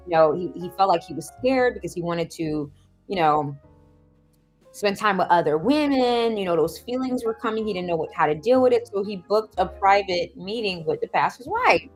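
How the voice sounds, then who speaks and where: A woman hosting a live stream, giving casual advice and telling stories, laughing often and switching into a squeaky high voice when she acts out other people. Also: moderate pace, faint music behind. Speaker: host of a self-help livestream. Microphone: video call or stream mic.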